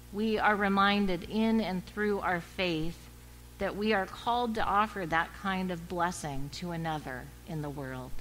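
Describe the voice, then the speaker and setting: Slow, bright-voiced woman preaching. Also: on the low side, slight background noise, poor audio. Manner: measured, reflective storytelling. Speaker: pastor. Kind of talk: sermon.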